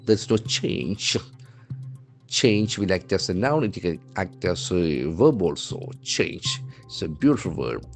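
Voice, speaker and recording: A man with an Indian English accent teaching English words from a newspaper, spelling them out letter by letter and repeating each word slowly. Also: sits low, very animated, faint music behind. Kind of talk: newspaper vocabulary lesson.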